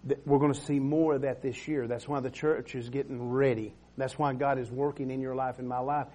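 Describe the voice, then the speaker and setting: A man's voice: medium pitch, little pitch movement, a little fast, dark tone. A middle-aged male pastor preaching a sermon, calling for amens and repeating words as he builds his point. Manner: preaching with call-and-response, frequent amens and restarts.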